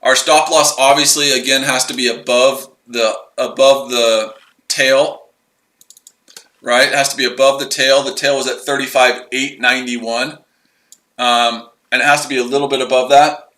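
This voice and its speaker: A man's voice: medium pitch, fairly even intonation, normal speed, pushed and bright, roomy sound, poor audio. A man hosting a casual live trading stream, rambling and repeating himself as he explains his trades. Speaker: trading livestream host.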